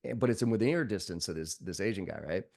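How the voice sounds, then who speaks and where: A man, a sales trainer guest on a podcast, talks bluntly and swears freely while telling animated stories. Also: sits low, quick pace, vocal fry. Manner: blunt, profane, animated storyteller. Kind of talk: podcast conversation.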